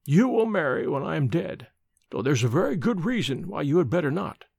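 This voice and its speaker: A man voicing a dying old nobleman, sinister and spiteful, speaking slowly and menacingly with a gravelly voice. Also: very animated, darkish tone, no room sound, clean studio sound, heavily acted. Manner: slow, low and menacing.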